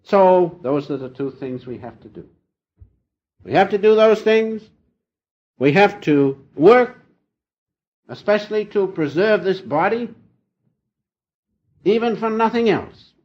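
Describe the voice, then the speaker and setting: An older man giving an informal spiritual talk, telling folksy little stories with gentle humor. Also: high-pitched, animated, takes it slowly, pauses often. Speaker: spiritual teacher. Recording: dull lo-fi old recording.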